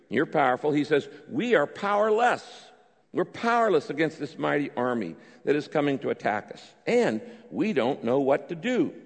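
A man's voice: medium pitch, vocal fry. A man preaching a sermon, emphatic and repetitive, acting out pleading prayers. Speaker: pastor. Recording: long reverb of a large hall.

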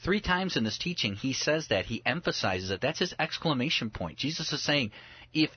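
A man giving conversational Bible teaching, emphatic and animated, acting out little scenes with humor. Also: medium pitch, normal speed, slightly rough, no room sound, dull audio.

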